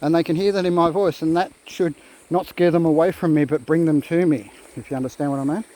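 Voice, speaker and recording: A man's voice: a little high, fairly even intonation, fast, dark tone, poor audio. A man chatting casually into a phone camera outdoors by a creek, rambling and talking to his dogs. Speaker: vlogger. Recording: faint outdoor background noise. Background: faint outdoor nature sounds.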